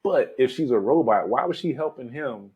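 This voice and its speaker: A man in his forties, a podcast host, retelling a film in a loose, animated way, full of "man" and "you know". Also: mid-range voice, moderate pace, muffled recording, crowd noise. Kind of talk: casual movie discussion.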